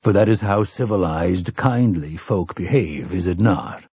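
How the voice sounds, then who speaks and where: A man voicing a calm, formal gunslinger who speaks mildly and deliberately. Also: low-pitched, gravelly, breathy edge, no room sound, voice pushed down, heavily acted. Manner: mild, measured, formal and old-fashioned.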